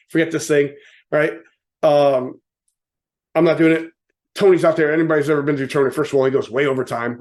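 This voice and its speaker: A man giving a casual, joking motivational talk to an audience, often asking "right?" and acting out quotes with sudden voice changes. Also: medium pitch. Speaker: motivational speaker.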